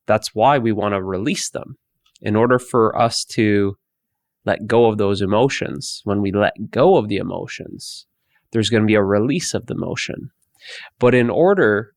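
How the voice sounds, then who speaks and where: A man teaching about emotions in a slow, repetitive way, often restarting his sentences. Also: on the low side, dry recording. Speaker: meditation teacher. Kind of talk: spoken guidance talk.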